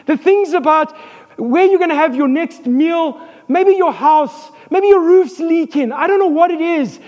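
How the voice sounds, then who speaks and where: A man preaching an animated sermon as a pastor, with joking asides and calls for amens. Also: very high-pitched, long reverb tail.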